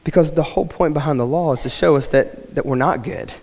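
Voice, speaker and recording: A man's voice: a little high, a little fast, a little mellow. A male pastor giving a sermon, talking conversationally to the congregation and building to emphatic points. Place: church sanctuary. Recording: long hall reverb.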